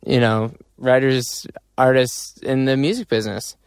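A man interviewing a musician, relaxed and halting, searching for his words. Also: mid-range voice, smooth, dry recording, studio quality. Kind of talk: casual interview questions.

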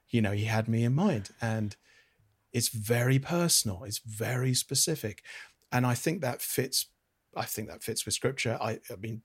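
Middle-aged British pastor, husky and low-pitched, earnest and reflective in interview. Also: male voice. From Britain. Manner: earnest, reflective, with frequent restarts. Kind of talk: interview answer on theology.

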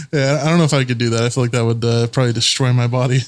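A man co-hosting a casual podcast chat, laughing often, swearing freely and sometimes searching for words. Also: mid-range voice. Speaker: podcast co-host.

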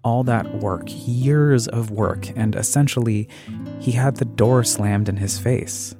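Male narrator over guitar music. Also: medium pitch. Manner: measured storyteller pacing, dramatic pauses. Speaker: podcast host and narrator. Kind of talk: scripted documentary narration.

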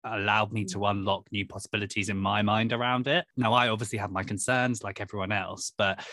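A man's voice: lowish voice, fairly even intonation, a little fast, pushed and bright, no room sound. A man hosting a podcast interview, conversational and agreeable with a teasing edge. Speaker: podcast host, editor.

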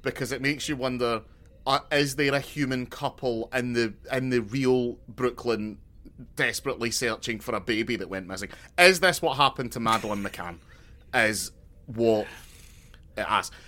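A young man co-hosting a podcast, spinning rambling deadpan jokes in casual chat with frequent restarts. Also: mid-range voice, normal speed. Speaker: podcast co-host.

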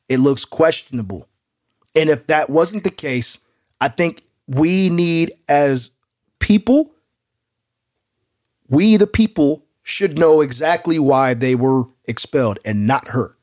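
Joking male podcast co-host. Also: a little high. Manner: animated and joking, quick to laugh. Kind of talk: casual chat.

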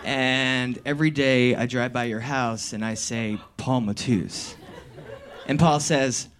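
A young man telling a comic personal story on stage, animated and swearing, laughing and breaking into shouts. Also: mid-range voice, measured pace, some chatter behind. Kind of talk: live comedic storytelling.

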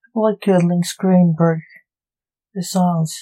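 Slow, mellow woman reading her story. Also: lowish voice, rough recording. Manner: measured, storytelling. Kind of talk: audiobook narration.

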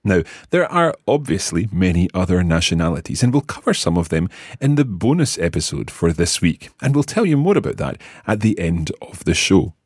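Deep Scottish man teaching patiently. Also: big pitch swings, a little mellow, slightly rough, dry recording, clean studio sound. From Scotland. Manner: patient, explains and repeats words slowly. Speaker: language teacher and host. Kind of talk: podcast language lesson.

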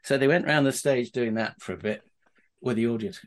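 A man's voice: medium pitch, fairly quick. A middle-aged man, a podcast guest, telling casual anecdotes in a rambling way with many restarts and chuckles.

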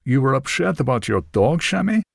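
A man's voice: medium pitch, big pitch swings, brisk, creaky, no room sound, full character voice. A man voicing a tall, balding older man who speaks bluntly in short, dry phrases. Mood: gruff, curt. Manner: curt, dry, few words.

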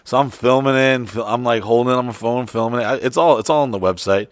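A man's voice: medium pitch, fast talker, dry recording, studio quality. A man telling a crude story in casual chat, profane and rambling, full of fillers and restarts.

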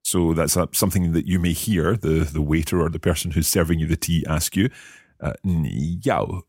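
A man's voice: rumbling low, steady tone, brisk, darkish tone, breathy edge, dry recording, clean studio sound. A man co-hosting a language lesson as the learner, curious, asking many questions and carefully repeating new phrases.

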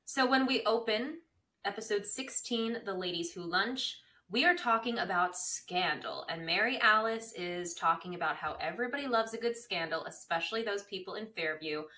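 A woman's voice: lowish voice, sharp tone, far from the mic, poor audio. A young adult woman co-hosting a casual podcast chat, playful and self-mocking, laughing often. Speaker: podcast co-host.

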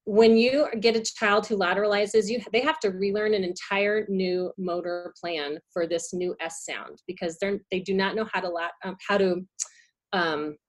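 A woman speech therapist in casual podcast chat, explaining with enthusiasm and plenty of fillers and restarts. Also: medium pitch.

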